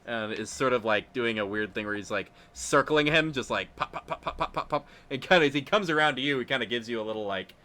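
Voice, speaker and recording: Man, game master, tabletop game narration, rambling relaxed delivery, bright tone. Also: mid-range voice, quick pace, few pauses. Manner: relaxed, rambling narration with filler words and chuckles.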